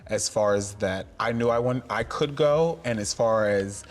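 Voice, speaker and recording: Animated man, drag queen guest. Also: fairly low pitch, a little slow. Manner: expressive and animated, acting out voices. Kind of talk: casual interview.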